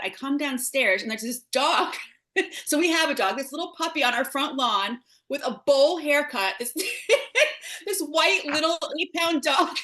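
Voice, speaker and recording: A woman in her thirties or forties with a fairly high, bright voice tells a family story as a guest. She talks in an animated way and laughs often. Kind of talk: casual storytelling.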